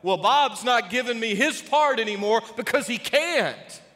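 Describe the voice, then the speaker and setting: A man mimics an offhand wife casually dismissing her ailing husband, in a high, bright voice. The long reverb of a large hall trails every word. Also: expressive, a little slow, exaggerated voice. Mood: flippant.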